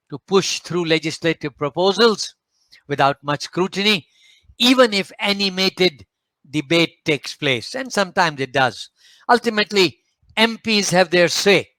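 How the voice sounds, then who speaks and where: Measured Malaysian man lecturing. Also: high-pitched, a bit bright, no room sound. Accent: Malaysian English. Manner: measured, emphatic lecturing with occasional hesitations. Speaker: speaker at a panel forum. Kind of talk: formal presentation with slides.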